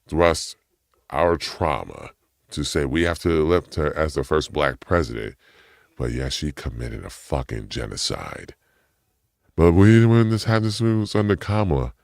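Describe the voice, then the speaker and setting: A man's voice: no room sound, studio quality. A man delivering a heated, profane personal rant; his voice climbs sharply when he gets indignant. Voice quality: gravelly low voice.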